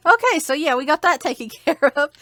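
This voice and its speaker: A woman's voice: high-pitched, lively intonation, fairly quick, bright, forceful tone. A woman chatting casually while playing a video game with a friend. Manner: chatty, reads on-screen text aloud. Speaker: co-host of a game playthrough. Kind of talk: casual gaming commentary.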